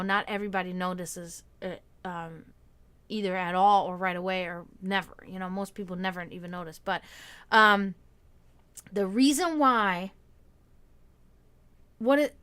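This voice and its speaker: A woman's voice: mid-range voice, fairly bright tone, clear, resonant tone. A woman hosting a livestream with a slight German accent, chatting in a rambling way with restarts. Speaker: stream host. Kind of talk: casual chat on a livestream.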